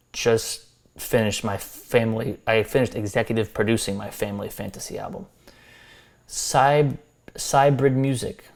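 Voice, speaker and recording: An American man reviewing subscribers' music, talking loosely with restarts and friendly advice. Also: lowish voice. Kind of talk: casual spoken critique.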